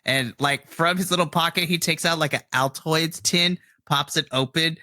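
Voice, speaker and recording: A man narrating as game master in a tabletop role-play. He is a lively storyteller who laughs often, and his voice sits mid-range with a dry, close sound. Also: a little high, normal speed, dry recording.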